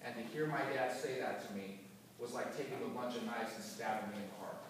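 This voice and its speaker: A man giving a motivational talk to an audience, telling a personal story in an animated, emotional way. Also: medium pitch, brisk, a little hiss or hum. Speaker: motivational business speaker. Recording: echoey hall from far off.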